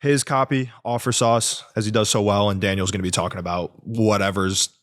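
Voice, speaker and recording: Fast-talking, low-voiced male co-host. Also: steady tone, dry recording, studio quality. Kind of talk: casual podcast chat.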